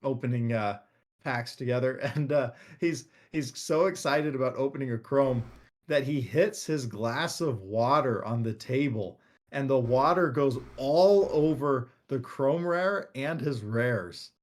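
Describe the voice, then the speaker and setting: A man's voice: medium pitch, a little slow. Male co-host, mid-range voice, casual storyteller who rambles and restarts. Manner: rambling, full of fillers and restarts when telling stories. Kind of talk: casual chat about a card game.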